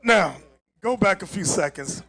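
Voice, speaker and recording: A man's voice: high voice, expressive, unhurried, pushed and bright. A man giving emphatic commentary on a played clip, often stopping it to lecture.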